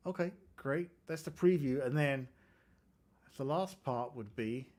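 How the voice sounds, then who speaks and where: A man's voice: medium pitch, measured pace, a little mellow. An English man hosting a casual live coding stream, chatting and joking about his code as he reads out viewer comments. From England. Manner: chatty, self-deprecating, reads out chat comments. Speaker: developer livestream host.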